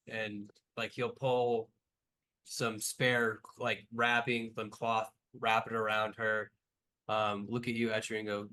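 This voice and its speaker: A man's voice: on the low side, level tone, measured pace, pushed and bright. A man running a tabletop game as game master, narrating loosely with lots of fillers.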